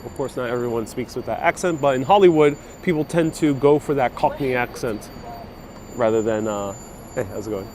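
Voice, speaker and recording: A man's voice: mid-range voice, normal speed. A man guiding a live-streamed city bus tour, chatting casually and reading out viewer comments. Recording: faint street and traffic noise.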